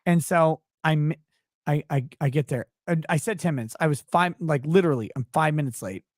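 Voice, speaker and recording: A tired man, yawning through a story, tells it with swearing and quick laughs. His voice sits a bit high for a man, and the sound is close and dry. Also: no room sound. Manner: animated, profane, laughs often. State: tired, yawning while talking. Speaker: podcast guest. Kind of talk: casual storytelling conversation.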